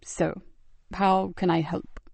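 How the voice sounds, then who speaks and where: A woman narrator voicing a polite, reserved man with a German accent who speaks slowly and softly. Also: high-pitched, level tone, gravelly, dry recording, heavily acted. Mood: polite, measured.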